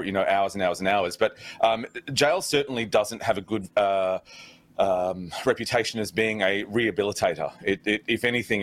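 A man co-hosting a talk show, giving measured, thoughtful views with many ums and uhs. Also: mid-range voice, fairly bright tone. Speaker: co-host. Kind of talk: casual talk show discussion.

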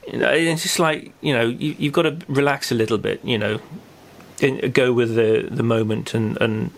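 A man co-hosting a chat podcast, talking in a flat, level tone that hardly rises or falls. He rambles through the news and chat, stacking up fillers and restarts as he goes. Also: medium pitch, normal speed, creaky. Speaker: podcast co-host. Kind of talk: casual chat and news rundown.

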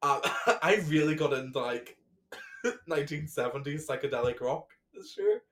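A man's voice: a little high, lively intonation, moderate pace, a bit bright. A man co-hosting a podcast in casual chat, talkative, swearing and laughing often. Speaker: podcast co-host.

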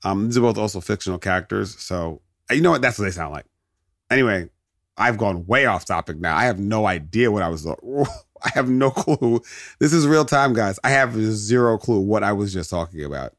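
This podcast host's voice is on the low side and fairly bright, with lively intonation and a normal speed. Recorded dry at studio quality, he chats casually, digresses into jokes, and laughs a lot.

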